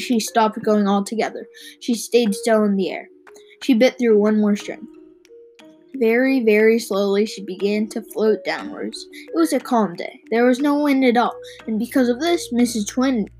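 A young narrator reading a storybook aloud, halting with restarts and little asides, and hosting a podcast. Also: mid-range voice, a little mellow, poor audio.

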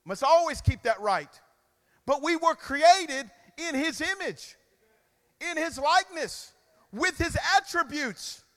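A man preaching a sermon, calling on the congregation to repeat after him, swinging between loud emphatic bursts and quiet asides. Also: very high-pitched, animated, takes it slowly. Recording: long reverb of a large hall.

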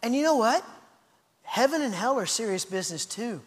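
Male pastor, high voice, lively storytelling sermon with restarts, reverberant hall. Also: normal speed. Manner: lively, anecdotal, frequent restarts.

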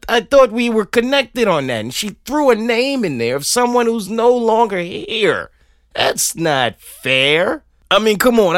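A man on a podcast rants in a comedic way, his pitch sitting a little high and swinging widely as he goes. He laughs often and swears freely. The recording is close and dry, with no room sound. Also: a bit bright, no room sound. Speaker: podcast host. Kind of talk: comedic rant.

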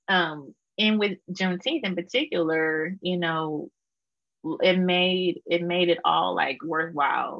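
A woman's voice: sits low, creaky, no echo, muffled recording. A woman with a Houston Texas accent, a guest artist chatting casually in an interview, full of fillers and laughter.

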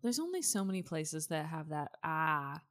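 Woman w a lowish voice, casual podcast chat, jokey and swears a lot, teases her cohost. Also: big pitch swings, fairly quick, warm tone. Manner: joking, profane, playful teasing. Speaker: podcast co-host.

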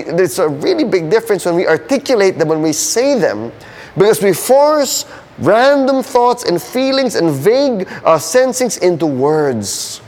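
A male pastor preaching a sermon, earnest and building to emphatic questions. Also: high-pitched. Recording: long hall reverb.

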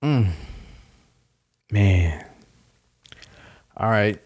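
A man with a lowish, darkish voice talks in a relaxed, reflective way, stretching out his words with lively intonation. He laughs at himself and acts out little quoted exchanges.

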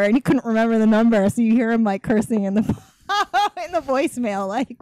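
A woman's voice: a little high, darkish tone, dry recording. A cheerful woman co-hosting a casual podcast, talking with a smile and frequent restarts. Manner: cheerful, smiling, halting restarts. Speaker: podcast co-host. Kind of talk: casual chat.

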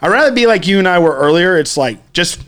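A man's voice: sits high, expressive, quick pace, a bit bright. A man telling a story in casual chat, profane and ranting, acting out what people said. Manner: profane, ranting, acts out quotes.

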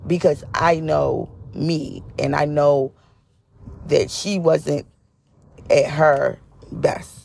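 Gravelly-voiced woman telling a story. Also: sits low, steady tone, drawn-out words, long pauses, darkish tone. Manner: chatty, repeats phrases for emphasis. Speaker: vlogger. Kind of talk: casual storytelling.

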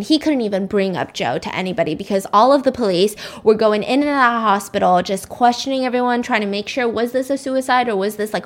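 A young woman spins a spooky tale in relaxed, chatty style, tossing in swears and little asides. Her voice sits a bit high. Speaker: storyteller host. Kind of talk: casual storytelling.

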